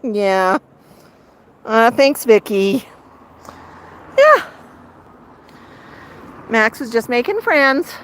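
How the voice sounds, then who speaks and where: A woman's voice: fairly high pitch, very animated, very slow, long pauses, slight background noise. Sing-song woman chatting to her bird. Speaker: bird owner and host. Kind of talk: live-streamed walk vlog. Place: outdoors in a residential neighborhood.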